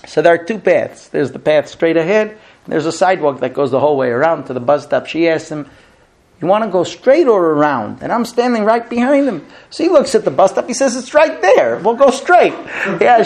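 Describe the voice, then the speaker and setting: Man, middle-aged, teacher of a class, humorous lecture, wide-ranging lively pitch, acts out quoted lines. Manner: animated storyteller, acts out quoted dialogue. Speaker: rabbi teaching a recurring class.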